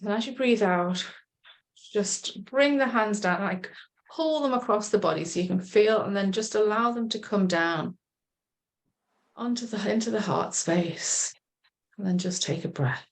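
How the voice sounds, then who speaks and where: Woman coach talking folks through a calming exercise, gentle and encouraging, on a video call. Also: mid-range voice, measured pace. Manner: gentle, encouraging, chatty with fillers. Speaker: self-love coach leading a group session. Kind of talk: guided relaxation instruction.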